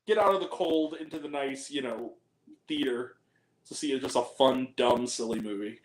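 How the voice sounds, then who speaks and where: A man chatting casually on a film review podcast, animated and profane, laughing often as he rants. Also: mid-range voice, moderate pace, echoey room, slight background noise, poor audio. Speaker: podcast co-host reviewing films. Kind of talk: casual chat.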